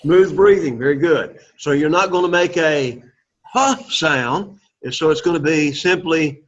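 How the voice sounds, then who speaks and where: In a dull, lo-fi recording of a Greek class, the male teacher drills pronunciation, saying words for students to repeat and cheering them on. He speaks a little slowly with a fairly high pitch.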